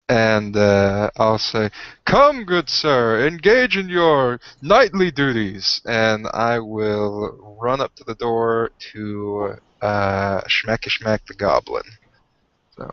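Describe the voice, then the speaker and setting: Slow-talking man playing a tabletop game. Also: medium pitch, smooth, no echo. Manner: slow, easygoing player talk with hammy in-character shouts. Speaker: player. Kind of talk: casual tabletop play. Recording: muffled, dry home recording.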